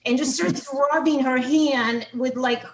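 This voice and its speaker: Animated high-voiced woman telling funny stories. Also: unhurried. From Russia. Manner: animated, laughs often, self-mocking. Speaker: author and comedy show guest. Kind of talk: comedic storytelling. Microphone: video call. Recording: echoey room with faint noise.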